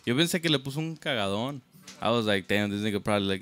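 A young man, retelling a story in lively casual talk and switching between Spanish and English. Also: medium pitch, fast talker. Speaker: podcast guest, band member.

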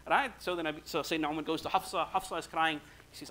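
Guy giving a mosque lecture, talks fast and a bit high, acts out the stories. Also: slight background noise. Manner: lively storyteller acting out quoted speech. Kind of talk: Ramadan lecture, storytelling.

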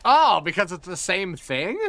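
Excitable swearing man streaming a game. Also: sits high, unhurried, dry recording. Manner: excitable, swears often, laughs a lot. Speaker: streamer host. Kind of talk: casual live-stream gaming chat.

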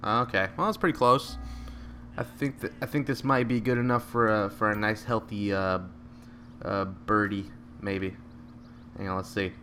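A man giving live, joking commentary over a video game, with excited outbursts at each shot. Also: lowish voice, moderate pace, faint music behind. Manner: excitable, joking, bursts out at shots. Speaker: gameplay commentator.

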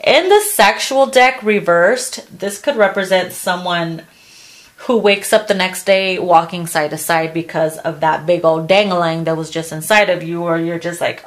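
A woman's voice: on the low side, unhurried. A woman doing a casual tarot reading, blunt and crude, laughing often and acting out what people say. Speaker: tarot reader.

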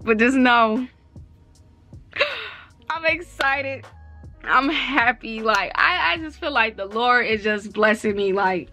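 Chatty young woman vlogging, bright tone. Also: on the high side, lively intonation, slow, long pauses, soft background music. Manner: rambling and chatty, heavy use of "like"; speaks with an informal, slangy dialect. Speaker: vlogger and mother. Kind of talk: casual chat to camera.

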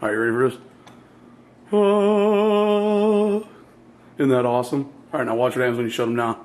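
A goofy, playful middle-aged vlogger chats casually from the computer room in his home, sometimes speaking with his mouth full. His medium-pitched voice is very fast with little pitch movement.

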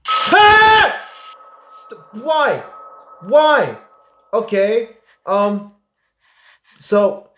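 A young man commentating a horror game as he plays, excitable and prone to sudden yelps and swearing. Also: mid-range voice, echoey room. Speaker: gaming streamer. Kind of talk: gameplay commentary.

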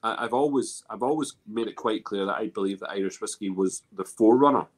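A man's voice: fairly low pitch, fairly quick. A man with a Scottish accent chatting casually on a video call, rambling with many restarts and fillers. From Scotland. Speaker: guest. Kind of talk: casual chat.

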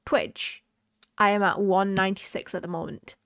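A woman's voice: medium pitch, steady tone, normal speed, fairly bright tone, clean tone, dry recording, clean studio sound. A woman streamer chatting casually while she draws, rambling along and swearing now and then.

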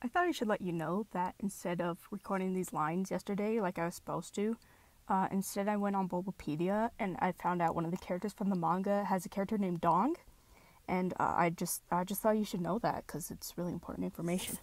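A woman's voice: fairly low pitch, a little fast, darkish tone, no room sound. A woman chatting casually between takes as a fan voice actor, apologetic and self-deprecating, rambling as she goes. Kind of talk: casual recording-session chatter.

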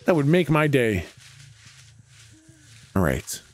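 A man's voice: medium pitch, very animated, slow. A Canadian man casually chatting with his viewers while streaming a game, laid-back and chatty, with frequent laughs and some swearing.

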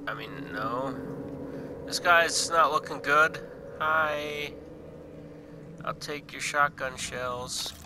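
A man's voice: on the high side, drawn-out words, pauses often, background noise. A young man casually commenting while he plays a video game, swearing often and joking to himself. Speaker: gaming channel host. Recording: game music playing behind.

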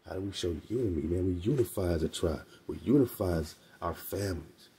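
A man's voice: deep voice, a little fast, mellow, a little hiss or hum. A man hosting a radio show, teaching about religion in casual slang, with emphatic repetition and laughing asides. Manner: slangy, emphatic, repeats phrases. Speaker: radio host.

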